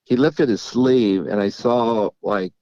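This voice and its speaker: A middle-aged racehorse trainer telling stories in a casual interview, halting and repeating words as he goes, often laughing. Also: mid-range voice, dark tone, no room sound. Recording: dull lo-fi audio.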